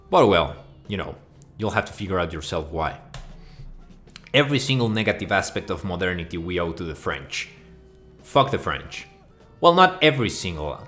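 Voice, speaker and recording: A man's voice: sits low, fairly bright tone. A man delivering a crude, swearing, mock-outraged rant that rambles from point to point. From Mexico. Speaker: video host. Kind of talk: profane comedic rant.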